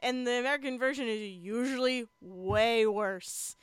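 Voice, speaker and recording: A young woman with a high, smooth, clear voice chats casually about television, laughing often and filling gaps with "like" and "um". Her voice is close and dry, with no room around it. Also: measured pace, dry recording. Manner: chatty, laughs often, many fillers. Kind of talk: casual chat about TV shows.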